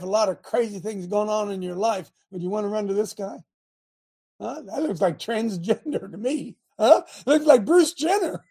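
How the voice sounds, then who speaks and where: A man hosting a Christian talk show, speaking in a fiery, provocative, preaching style with loud bursts of emphasis. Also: high-pitched.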